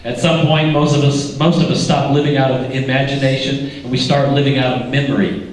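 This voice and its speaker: A man's voice: mid-range voice, flat delivery, brisk, slight background noise. An older man preaching a sermon as pastor, folksy and joking, quizzing the congregation as he goes. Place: church sanctuary. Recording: echoey church from a distance.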